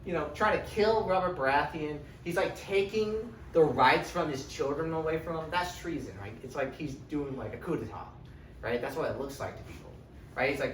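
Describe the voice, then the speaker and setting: A man's voice: a little high, moderate pace, a bit bright. A young man casually recapping a book series, chatty and profane, constantly checking in with "right?". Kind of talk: casual, rambling spoken recap. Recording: roomy, distant from the mic, faint hiss.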